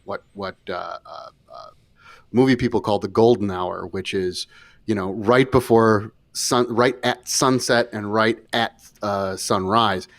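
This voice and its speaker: A man co-hosting a casual podcast discussion, talking emphatically, cutting in on his partner and trailing off into low fillers. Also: a little slow, no echo. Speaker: podcast co-host.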